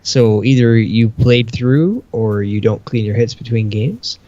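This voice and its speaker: A man's voice: medium pitch, measured pace, dark tone, dry recording, dull audio. A man co-hosting a casual podcast, telling long rambling stories, swearing freely and acting out quoted dialogue. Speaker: podcast co-host.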